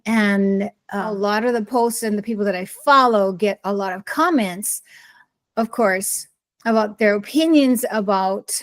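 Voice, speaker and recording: A middle-aged woman talking casually to camera as a blogger, opinionated and emphatic, often wandering and restarting her sentences. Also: medium pitch. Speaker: blogger sharing personal experience.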